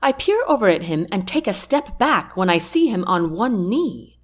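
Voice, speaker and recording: A woman reading a first-person romance audiobook in an expressive storytelling manner. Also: medium pitch, moderate pace. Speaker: audiobook narrator.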